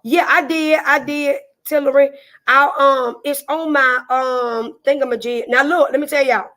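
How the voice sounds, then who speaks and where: Woman, Southern drawl, high voice, casual live-stream chat, folksy, repeats phrases. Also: fairly even intonation, a little slow, fairly bright tone. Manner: folksy, repeats herself, greets viewers by name.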